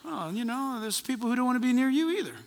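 A man preaching voices the Lord as a gentle male voice, speaking softly and quietly. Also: very high-pitched, animated, quick pace. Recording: long hall reverb.

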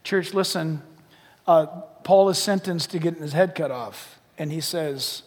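A middle-aged pastor delivers an animated, humorous sermon that drops into hushed asides. His voice sits high, and it is recorded in a church sanctuary with a long, lingering hall reverb. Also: a little slow.

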